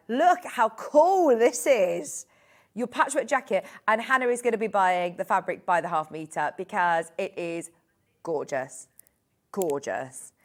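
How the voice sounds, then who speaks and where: A middle-aged woman presenting a live TV shopping show in a studio, chatty and enthusiastic as she gushes over products. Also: a little high.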